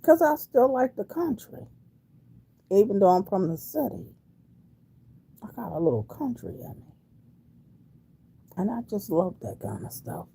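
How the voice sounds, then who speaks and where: A woman in her sixties from Wilmington, Delaware, USA, chats casually on a livestream, reading and answering viewer comments folksily. Her mid-range voice is warm, husky and creaky, with big pitch swings, a slightly slow pace and frequent pauses.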